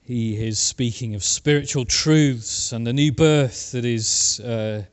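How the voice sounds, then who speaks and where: A man preaching a sermon, talking to the congregation with rhetorical questions and frequent filler pauses. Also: mid-range voice. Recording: long hall reverb.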